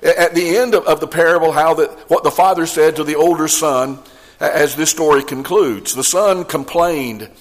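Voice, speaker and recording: A male pastor delivers a sermon in an earnest preaching manner, stumbling over restarts before pressing his point with growing emphasis. His voice sits a little higher than most men's. A long reverb trails behind each phrase, as in a church sanctuary. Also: moderate pace.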